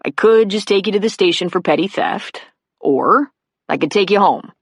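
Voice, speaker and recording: A woman voicing an adult male police officer who speaks in a steady, wry, firm way. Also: medium pitch, moderate pace, dry recording, studio quality.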